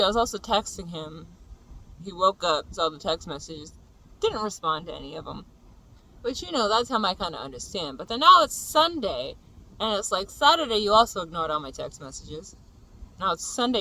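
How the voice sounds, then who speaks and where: A young adult vlogger telling a venting story in a profane, exasperated rant that builds into shouting. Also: mid-range voice, sing-song, normal speed, low-quality recording.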